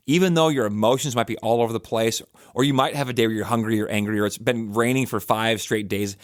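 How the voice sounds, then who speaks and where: A man's voice: fairly low pitch, dry recording, clean studio sound. A man in his forties hosting a church podcast, talking in a casual, reflective way with lots of fillers and restarts. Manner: conversational and rambling, many fillers and restarts.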